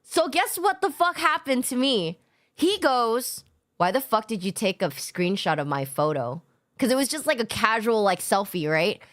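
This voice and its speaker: A woman's voice: fairly high pitch, normal speed. Chatty young woman streamer, swearing freely. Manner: animated, swearing, self-mocking storyteller. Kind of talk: casual chat.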